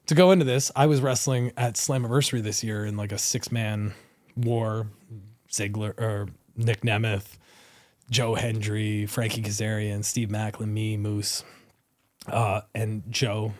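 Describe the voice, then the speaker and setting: A man in his thirties talks as a guest in a studio interview. He tells his stories in a lively, animated way and often laughs mid-sentence. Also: fairly low pitch, measured pace, dry recording. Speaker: guest wrestler. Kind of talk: casual interview storytelling. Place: podcast studio.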